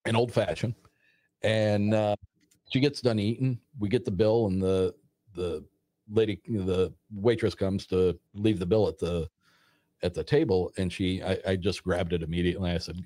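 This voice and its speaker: A man casually retelling a personal story in a rambling, animated way, acting out the dialogue as he goes. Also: sits low, normal speed, no echo, clean studio sound. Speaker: storyteller guest.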